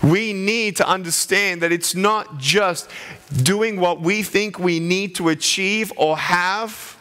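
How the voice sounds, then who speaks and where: A man, giving an animated, playful motivational sermon to a college chapel crowd. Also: high-pitched, slow pace, clear, resonant tone. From Australia. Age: 30s. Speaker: guest chapel speaker. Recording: echoey hall.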